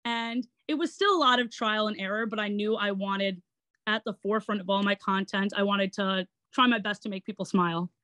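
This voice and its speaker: A woman in her twenties from Long Island, New York, with a matching accent, appears as a guest on a casual interview; she's an actor and online entertainer. Her medium-pitched voice is brisk, with no room sound. Chatty and giggly, she tells her story with animated laughter.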